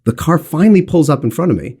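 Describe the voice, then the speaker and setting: A man in his forties recounts a tense run-in with animated energy, acting out the other people as he goes. His voice is husky and slightly high for a man, with a lively, swooping pitch. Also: fast. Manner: lively, swearing, acts out other people's lines. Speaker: podcast co-host telling a story. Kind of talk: animated anecdote on a podcast.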